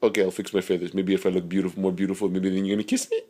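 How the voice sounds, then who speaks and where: A man's voice: sits low, level tone, very fast, warm tone. A man voicing an amorous male parrot who is a pushy Casanova, crooning and wheedling with pet names in a home pet video.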